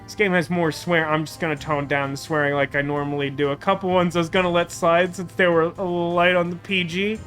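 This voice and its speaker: A man's voice: a little high, little pitch movement, a little fast, hardly any pauses, fairly bright tone, soft background music. A man streaming a game with chatty, rambling, self-mocking commentary. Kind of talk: casual let's-play commentary.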